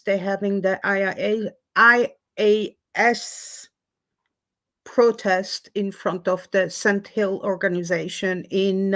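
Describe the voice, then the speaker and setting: A woman from Switzerland hosts a casual livestream chat from home on a webcam, greeting viewers by name between many fillers. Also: mid-range voice. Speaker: livestream host. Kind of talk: casual live-stream chat.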